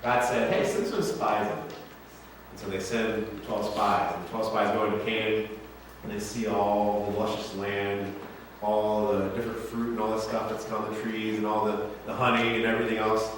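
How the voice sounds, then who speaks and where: A man's voice: fairly low pitch, flat delivery, moderate pace, slight background noise. A male pastor preaching a sermon in a casual, joking, conversational way, often asking the congregation questions. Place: church sanctuary. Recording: echoey church hall from far off.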